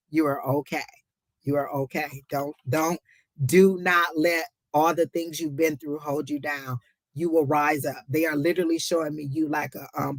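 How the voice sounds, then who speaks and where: A woman giving a live psychic reading, emotional and close to tears, warmly encouraging the viewer and calling her honey. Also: sits low, no room sound. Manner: talks to the chat as y'all. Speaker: psychic reader on a live stream.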